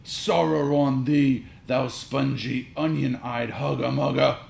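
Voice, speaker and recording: A man's voice: medium pitch, fairly even intonation, slow, creaky, darkish tone, voice pushed up. A man voicing a dramatic father who flings mock-Shakespearean curses, reading a children's story aloud. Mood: theatrical. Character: dramatic father, cheerful then howling. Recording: roomy reading with faint hiss.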